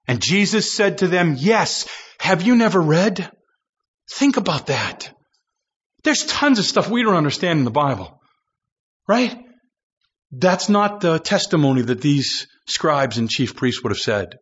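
A male preacher with a slightly high, husky voice delivers a sermon. He reads scripture and acts out the people in it, climbing to impassioned peaks. The recording is dull and lo-fi. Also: sing-song, a little slow, fairly bright tone. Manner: rising to impassioned high-pitched emphasis, acting out quoted voices.

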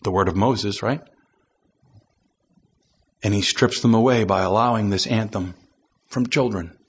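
A man's voice: lowish voice, unhurried, breathy edge, highs cut off. A man preaching a sermon, reading scripture aloud and acting out quoted voices, building to impassioned emphasis.

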